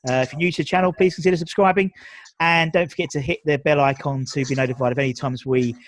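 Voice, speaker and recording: London guy hosting a chat, a bit rambly, lots of ums, slightly high voice, dry close sound. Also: fairly even intonation, fast, no echo. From England. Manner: chatty, rambling with fillers. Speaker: podcast host. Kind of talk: casual video interview.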